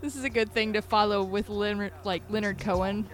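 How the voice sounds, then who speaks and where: A woman's voice: medium pitch, fairly even intonation, fairly quick. A woman from Kentucky with a light Kentucky accent, co-hosting a casual, playful chat. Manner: playful, chatty, laughs often. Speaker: podcast co-host.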